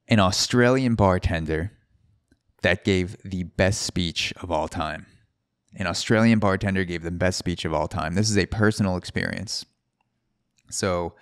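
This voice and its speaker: A man's voice: low-pitched, clean tone, no echo, studio quality. A man hosting a solo podcast, telling a rambling, profane story with frequent restarts. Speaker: podcast host. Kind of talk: casual solo podcast monologue.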